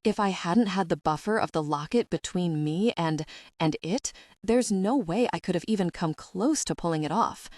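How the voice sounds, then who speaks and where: A woman voicing a sweet-voiced young witch, a gentle healer who is reluctant and shaken while chanting a curse. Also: on the low side, moderate pace, no room sound, studio quality, natural voice.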